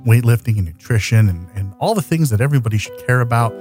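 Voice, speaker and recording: A man co-hosts a podcast, stammering and restarting often as he plays up a self-pitying tone. A music bed is clearly audible under his voice. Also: mid-range voice, lively intonation, quick pace. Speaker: podcast co-host. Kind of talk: casual podcast chat.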